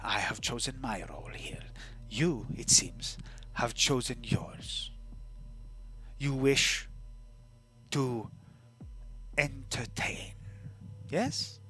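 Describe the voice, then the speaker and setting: Man doing a scheming arena boss woman, voice-changer filtered, breathy hush, slow drawl, tabletop game character. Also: medium pitch, animated, in a whisper, exaggerated voice.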